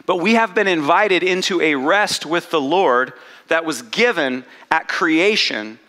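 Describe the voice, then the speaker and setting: A man leads a congregation through a casual, animated sermon, poking fun at himself and voicing his inner dialogue aloud. His voice sits a little high and rings bright and forceful. Long reverb from a large church hall trails each phrase. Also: a little slow. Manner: animated, self-mocking asides, acts out inner dialogue. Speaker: pastor. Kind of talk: conversational sermon.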